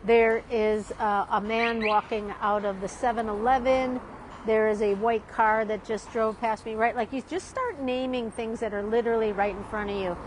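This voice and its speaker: Woman, rather high voice, loose rambling café monologue, keeps checking in with "right?", light street noise behind. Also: steady tone, normal speed, low-quality recording. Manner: chatty, rambling, often adds "right?", laughs a lot. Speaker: art teacher vlogging. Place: outdoor street café in a city. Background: street ambience.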